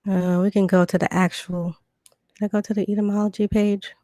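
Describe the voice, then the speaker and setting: A woman's voice: medium pitch, flat delivery, a little fast, dark tone, dry recording, studio quality. A woman with a Southern US accent from Virginia with a Georgia twang hosts a casual live stream, chatty and loose with many fillers and restarts, while reading out dictionary definitions at home. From Virginia and Georgia, USA. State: recovering from illness. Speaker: livestream host.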